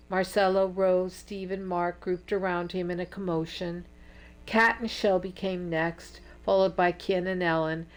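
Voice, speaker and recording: A woman narrating an audiobook in a slow, measured storytelling manner. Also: lowish voice.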